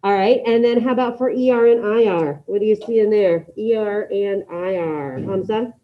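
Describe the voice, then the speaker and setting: A woman teaching a Spanish class to students in the room and online, giving brisk, repeated instructions and modeling pronunciation. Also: mid-range voice. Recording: dull lo-fi classroom audio.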